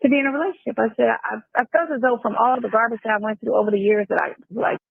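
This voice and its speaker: A woman talking in a rambling, halting way during a recorded phone conversation. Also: on the high side, creaky, no room sound. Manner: rambling, halting, restarts, fillers. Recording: tinny phone-call recording.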